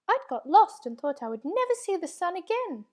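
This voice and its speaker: A tiny, jittery forest creature, put on by a woman reading aloud, speaks in a high, excitable pitch that leaps up often. It is a storybook voice, anxious and loud. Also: normal speed. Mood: eager. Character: timid tiny lost forest creature, male.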